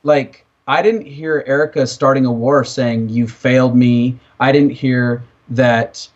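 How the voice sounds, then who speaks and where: A male coach explains his ideas in a calm, earnest, steady way, with a voice of ordinary pitch. The recording sounds slightly dull and muffled. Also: measured pace. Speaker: personal coach. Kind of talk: reflective coaching talk.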